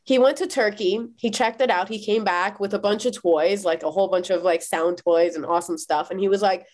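A woman from Iran in her thirties, a podcast guest telling personal stories in a lively, quick way with many "like" fillers. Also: medium pitch. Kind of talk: animated personal storytelling in a podcast interview.

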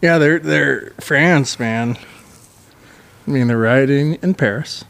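A man's voice: medium pitch, takes it slowly, vocal fry, fairly bright tone, no echo. Laughing, foul-mouthed podcast guy. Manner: laughs often, swears freely. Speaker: podcast co-host. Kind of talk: casual crude banter.

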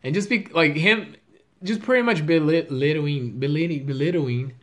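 A young man with an East Los Angeles accent talks as a podcast guest. He is jokey and excitable, and he leans on slang and swearing. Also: fairly high pitch, moderate pace. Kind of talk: casual podcast chat.

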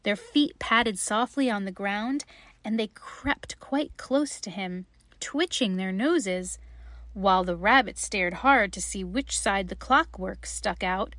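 A woman reading a children's story aloud in a gentle, unhurried way. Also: medium pitch, expressive, no echo.

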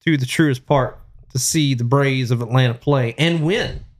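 A man's voice: mid-range voice, moderate pace. A man hosting a podcast in casual, teasing chat. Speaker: podcast host.

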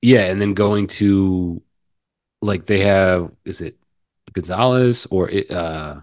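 Deep voiced dude rambling with lots of restarts, dry mic. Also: male voice, a little mellow, no room sound. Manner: rambling, halting, many restarts. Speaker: podcast co-host. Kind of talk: casual book review chat.

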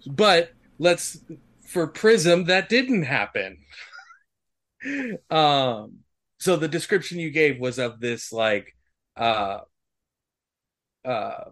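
A man acting as game master, explaining the rules in an encouraging, measured way with pauses and fillers. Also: on the high side, big pitch swings, fairly bright tone.

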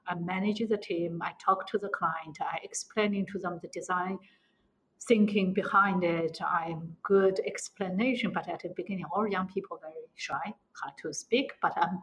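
A woman's voice: on the low side, steady tone, a bit bright, low-quality recording. Interview guest: middle-aged woman with a Chinese accent, speaking hesitant, broken English. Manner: non-native English, halting with restarts, laughs often. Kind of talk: conversational interview answer.

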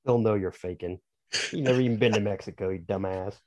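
A man's voice: on the low side, fast, darkish tone. A man, an author and podcast guest, explaining his views at length in casual, opinionated conversation.

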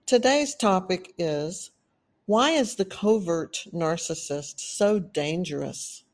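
A woman from Texas with a Texan accent, hosting a solo podcast and talking earnestly, stressing her points in drawn-out lists. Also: on the low side, animated. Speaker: podcast host.

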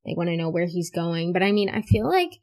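A teenage girl hosting a casual podcast, telling stories in an animated, chatty way full of "like" fillers. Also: on the low side, a little fast. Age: teens. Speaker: podcast host. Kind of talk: casual chat.

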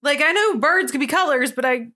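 A woman's voice: sits high, expressive, fairly quick, pushed and bright. A young woman co-hosting a podcast in casual chat, rambling and giggly, swearing freely. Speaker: podcast co-host.

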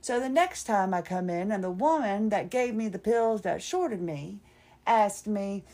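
A woman's voice: medium pitch, lively intonation, a little slow, darkish tone. A woman hosting a podcast, telling a candid, rambling personal story alone and poking fun at herself. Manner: candid, rambling, self-deprecating. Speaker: podcast host.

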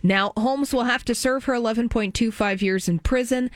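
Woman news presenter, higher pitch, dry close sound, brisk headline delivery. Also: dry recording. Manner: brisk, reads out reports. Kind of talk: reading entertainment headlines on radio talk.

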